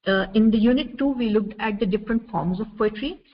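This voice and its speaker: A woman from India giving a measured university lecture over slides, explaining step by step with frequent "uh" fillers. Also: medium pitch. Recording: dull lo-fi recording with faint noise.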